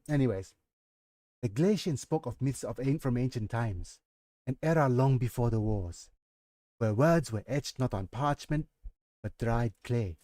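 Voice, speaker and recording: Nigerian guy reading his novel on stream, mellow voice, dry room, keeps stopping to chat. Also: mid-range voice, animated, a little slow, pauses often, dry recording. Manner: breaks off to comment and laugh at himself. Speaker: streamer and author. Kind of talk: reading his own novel aloud on a livestream.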